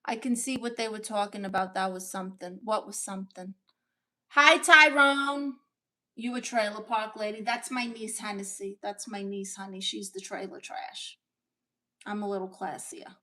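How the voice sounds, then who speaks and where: A woman hosting a comedic livestream as a sassy aunt, brashly teasing her chat with quick comebacks. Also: mid-range voice, little pitch movement. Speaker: livestream host reading chat.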